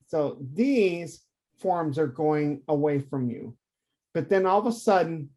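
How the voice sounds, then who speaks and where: A man who teaches anatomy for artists, talking through a drawing demonstration on a video call, lively and emphatic. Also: on the high side. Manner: animated, conversational, emphatic teaching. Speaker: anatomy art professor.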